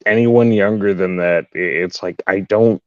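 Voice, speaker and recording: A man's voice: low voice, lo-fi sound. A man in a casual chat who stammers, restarts and jokes around. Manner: halting, stammering, joking.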